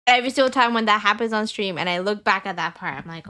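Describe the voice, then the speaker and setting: Here a young woman streams and talks easily with her viewers, her high voice turning squeaky now and then. She's a fast talker who rambles and repeats herself with many fillers, and her tone is clean, bright and pushed.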